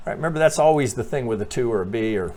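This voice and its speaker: This man is a trading analyst doing a casual walkthrough of a chart, his medium-pitched voice expressive and very fast. He swears freely, talks animatedly, and thinks out loud, restarting his sentences again and again.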